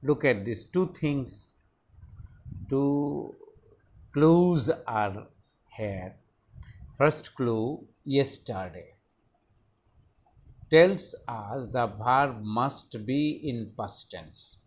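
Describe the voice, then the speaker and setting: A man explains English grammar rules to his students. He talks at a very unhurried pace and keeps repeating key words as he works through each example. His voice sits at an ordinary, mid-level pitch. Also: expressive. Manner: deliberate, repeats words and phrases while explaining. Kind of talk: slow explanatory lesson.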